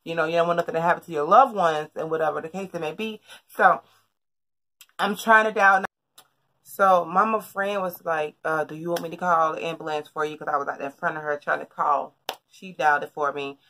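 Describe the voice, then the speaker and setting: A young woman with a low voice chats straight to her camera from her bedroom. She tells a story in a loose, rambling way, full of fillers and restarts. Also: steady tone, normal speed, fairly bright tone, slight background noise. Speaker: vlogger. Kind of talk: casual storytelling vlog. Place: bedroom at home.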